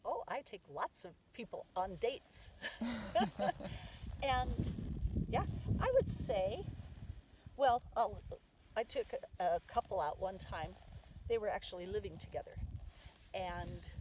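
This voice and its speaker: A woman teaches a family practice outdoors in a relaxed, conversational way, stressing each affirmation out loud. The mic sits some way off and picks up faint hiss along with her voice. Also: mid-range voice, takes it slowly, long pauses, far from the mic. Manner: lively, says the affirmations out loud with emphasis. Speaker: mother teaching the medicine wheel. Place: outdoors on a sand dune.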